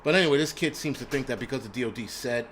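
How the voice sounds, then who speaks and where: A middle-aged man in the middle of his pitch range, talking casually on a live stream. He is blunt and profane and keeps poking fun at himself. A faint hiss sits under the voice. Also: rapid-fire, fairly bright tone. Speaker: host.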